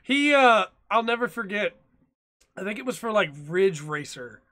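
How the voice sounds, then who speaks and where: Young male podcast co-host, high and bright, chatty and laughing, animated storyteller. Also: moderate pace. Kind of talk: casual chat.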